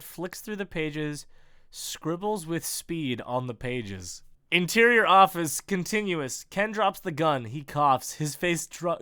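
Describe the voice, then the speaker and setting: A man reads a script aloud and riffs on it, often breaking into exasperated rants. His voice is bright and clear, and his pitch swings widely. The recording is dry and close. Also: no room sound. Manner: exasperated and ranting. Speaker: reader riffing on a script. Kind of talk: comedic script reading with commentary.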